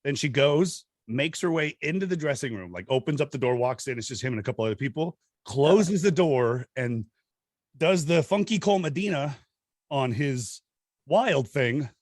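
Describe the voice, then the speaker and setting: A middle-aged male host tells stories in a loose, chatty way. His pitch swings widely as he gets into each tale. The sound is close and dry. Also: moderate pace, dry recording. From Southern California. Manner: animated, laughs often, acts out quotes in high voices. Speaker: podcast host. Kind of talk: casual storytelling chat.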